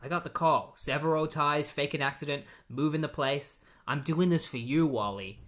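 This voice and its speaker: Fields: a man voicing a stern scheming father. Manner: quiet, cold. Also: on the high side, moderate pace, close to an everyday voice. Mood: insistent. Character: stern scheming middle-aged father, a male android agent.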